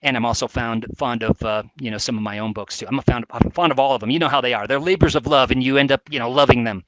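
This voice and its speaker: A man's voice: medium pitch, quick pace, fairly bright tone, slight background noise, low-quality recording. A man presenting a live educational webcast in a chatty, enthusiastic way, with frequent fillers.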